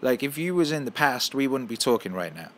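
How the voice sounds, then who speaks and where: A man hosting a casual podcast at home, ranting with heavy swearing and loud heated outbursts. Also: mid-range voice, very animated, brisk. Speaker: podcast host.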